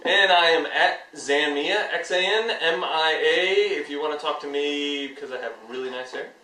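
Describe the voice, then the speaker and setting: A man's voice: fairly high pitch, moderate pace, pushed and bright, a little hiss or hum. A man co-hosting a casual podcast chat over beers, joking crudely and laughing often. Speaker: podcast co-host. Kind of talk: casual beer-drinking chat. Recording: roomy sound, mic at a distance.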